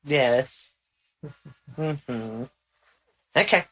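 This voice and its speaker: A man channels with a bright, forward tone pitched slightly high. He talks in a measured, instructive way and slips into formal phrasing now and then. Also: expressive, low-quality recording. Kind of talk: channeling session.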